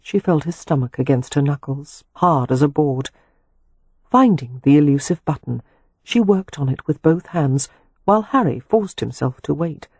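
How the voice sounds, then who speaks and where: A man narrating a romance audiobook in a slow, sensual, measured reading. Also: a little high, lively intonation, a little mellow, husky, no echo. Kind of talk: scripted narration.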